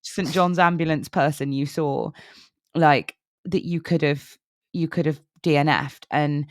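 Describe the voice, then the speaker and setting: A woman's voice: deep voice, fairly even intonation, unhurried, no room sound, studio quality. Supportive woman podcast co-host. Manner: supportive, reassuring, earnest. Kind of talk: casual conversational chat.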